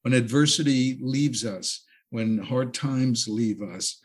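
A man's voice: medium pitch, takes it slowly, breathy edge. A man co-hosting a podcast in a thoughtful, reflective conversation, now and then playful and joking. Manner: thoughtful, playful, makes animal noises. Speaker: podcast co-host.

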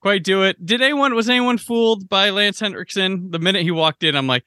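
A man's voice: high voice, fairly quick, bright, forceful tone, no room sound, studio quality. A man hosting a casual film podcast, laid-back and running through rankings. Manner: laid-back, rattles off ratings lists. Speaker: podcast host.

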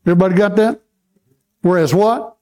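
A man preaching a sermon to a congregation, reading scripture slowly and having the listeners repeat verses back to him. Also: sits high, a little mellow.

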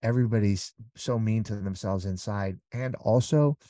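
A middle-aged man appears as a podcast guest, telling stories candidly in an earnest, rambling way and sometimes acting out little everyday exchanges. His voice is lowish and warm at a normal speed, with no room sound.

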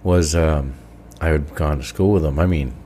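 A man with a very deep voice hosts a casual talk and shares a side story of his own. A faint hiss sits under his voice. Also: moderate pace, dark tone. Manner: brief reactions and side stories. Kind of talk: casual chat.

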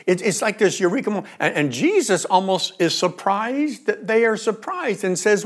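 A man's voice: sits high, brisk, hardly any pauses. A middle-aged male pastor preaching a sermon, acting out the cries of the people in his story. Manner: animated, acts out the disciples' cries.

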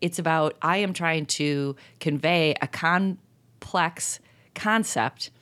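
Low-voiced earnest female co-host. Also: takes it slowly, fairly bright tone. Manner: earnest, reflective, laughs easily. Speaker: podcast co-host. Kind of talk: casual chat.

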